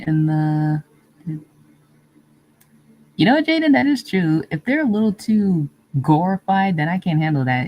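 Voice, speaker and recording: A woman hosting a casual livestream, answering viewer comments in a meandering, easygoing way with frequent pauses. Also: low-pitched, a little mellow, a little hiss or hum, poor audio. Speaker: livestream host. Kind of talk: casual live-stream chat, reading viewer comments.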